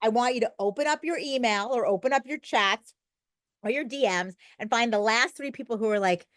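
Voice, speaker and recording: A middle-aged woman guest who talks fast and emphatically, telling stories with lots of feeling. Her voice sits a little high. It is recorded close and dry, with no room sound. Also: a bit bright, dry recording. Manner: talkative, emphatic storyteller. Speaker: podcast guest. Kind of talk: conversational interview.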